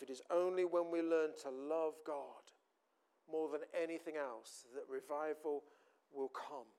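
A man's voice: fairly high pitch, fairly even intonation, moderate pace, darkish tone, smooth. A man preaching a sermon, earnest and repeating phrases for emphasis.

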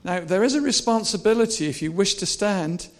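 A male preacher giving a lively, animated sermon, swinging between soft, personal asides and repeated, shouted rallying cries. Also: high-pitched, fairly quick. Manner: animated, shouting and laughing with the crowd.

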